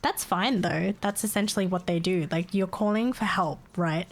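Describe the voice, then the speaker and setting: A woman's voice: fairly low pitch, moderate pace. A young woman, chatting casually on a live stream, venting in exasperation, laughing often and swearing.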